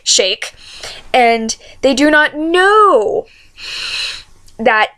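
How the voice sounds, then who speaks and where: A woman vlogging a casual fan rant, rambling and excitable and often correcting herself mid-sentence. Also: on the high side. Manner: rambling, excitable, self-interrupting.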